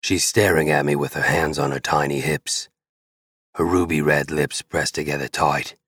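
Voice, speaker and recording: A man's voice: rumbling low, steady tone, moderate pace, fairly bright tone, slightly rough, no echo, studio quality. A man narrating a romance audiobook in the first person, blunt and swearing freely.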